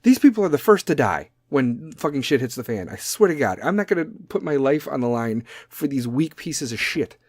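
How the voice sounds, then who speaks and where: A man's voice: medium pitch, sing-song, a little fast, hardly any pauses, darkish tone, no echo. Profane, blunt young man ranting. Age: young adult. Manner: goes off on tangents. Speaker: podcast host. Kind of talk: ranting monologue.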